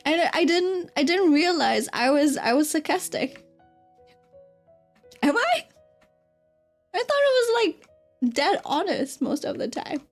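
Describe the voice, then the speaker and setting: A woman's voice: very high-pitched, expressive, slow pace, long pauses, faint music behind. A young woman chatting casually and rambling while she draws, laughing often and using lots of fillers. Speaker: artist streaming while drawing. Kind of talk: casual chat while drawing.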